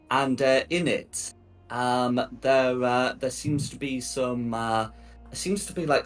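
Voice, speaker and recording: A man narrating a tabletop game as game master, often pausing and restarting his sentences. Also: medium pitch, a bit bright. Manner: hesitant, many ums and restarts.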